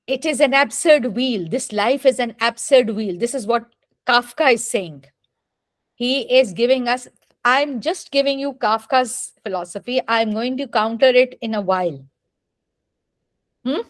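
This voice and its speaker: Her voice sits a little high, with no room sound at all. This woman teaches literature, lecturing her class at a deliberate pace and frequently checking whether the students follow through rhetorical questions.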